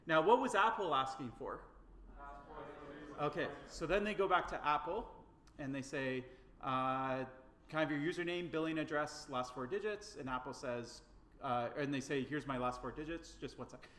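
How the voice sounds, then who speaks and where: Bright-voiced male lecturer in echoey room. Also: on the high side. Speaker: university lecturer. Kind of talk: classroom lecture. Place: lecture hall.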